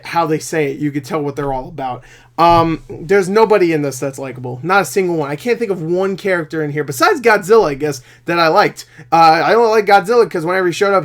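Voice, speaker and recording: Ranting, swearing young male movie reviewer. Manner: rambling, swears a lot, climbs high and loud when angry. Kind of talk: ranting solo video review.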